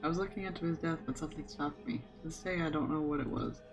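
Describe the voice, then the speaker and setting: A streamer reading a grieving woman ghost's lines in a soft, pleading voice. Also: mid-range voice, fairly even intonation, fast, over music, close to an everyday voice, poor audio.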